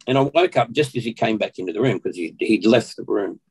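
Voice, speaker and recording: An Australian man, a podcast guest, earnestly recounting a personal testimony at an unhurried pace and often clearing his throat. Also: lowish voice, low-quality recording.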